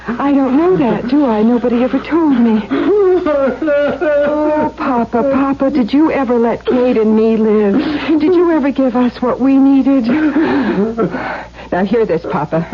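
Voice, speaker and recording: An actress playing a bitter, resolute young woman with intense, quiet delivery in a 1970s radio drama. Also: high voice. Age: young adult. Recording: dull 1970s radio broadcast, faint hiss.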